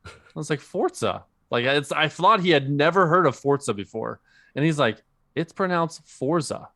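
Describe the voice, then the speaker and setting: A man's voice: on the high side, lively intonation, fairly quick, pushed and bright. A man co-hosting a podcast in casual chat, reading out listeners' picks and telling stories with animation. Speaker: podcast co-host.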